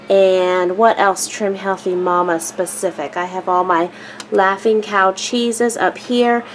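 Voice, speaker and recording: A woman's voice: mid-range voice, slight background noise. A woman casually narrating a family vlog, chatty and upbeat with frequent fillers. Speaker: vlogger, mother of a large family.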